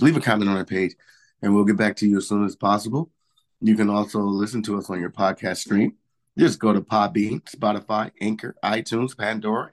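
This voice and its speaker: Hoarse man, low-pitched, loose rambling podcast co-host full of ums. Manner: rambling, filler-heavy, repeats himself. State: hoarse, voice cracking. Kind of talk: casual podcast intro chat.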